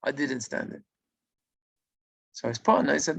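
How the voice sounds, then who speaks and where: Speaking at a moderate pace in a gravelly voice, a man tells a religious moral story with animation, raising his pitch to act out the characters' lines. There's no echo on the recording.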